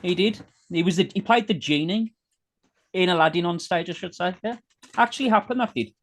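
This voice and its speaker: A man's voice: sits high, fairly quick, a bit bright. Man teasingly running a quiz. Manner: teasing, reels off facts. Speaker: co-host and quizmaster. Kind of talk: casual podcast quiz chat.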